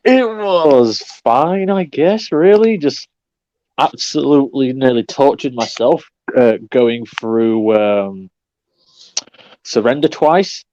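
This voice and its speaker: Animated man on a lo-fi podcast line. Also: mid-range voice, slow, no room sound. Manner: animated, exclaims often and laughs readily. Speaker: podcast co-host. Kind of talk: casual chat. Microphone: online podcast recording app.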